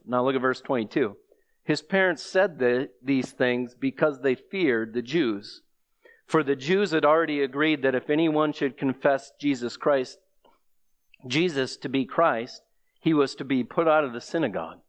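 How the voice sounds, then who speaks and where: A man's voice: mid-range voice, moderate pace. A man preaching a sermon, reading scripture aloud and pressing the listeners with rhetorical questions. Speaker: pastor.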